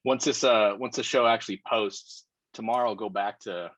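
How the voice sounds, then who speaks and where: Male co-host, mid-pitched, joking and profane, dry muffled lo-fi mic. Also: steady tone, normal speed, fairly bright tone, dry recording. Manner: joking, profane, hyped announcer flourishes. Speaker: podcast co-host. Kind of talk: casual chat.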